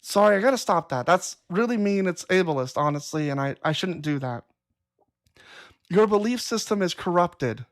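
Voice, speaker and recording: This livestream host, a woman with a lowish, expressive voice at normal speed, chats casually and reads comments from chat. Her replies come out blunt, profane and exasperated.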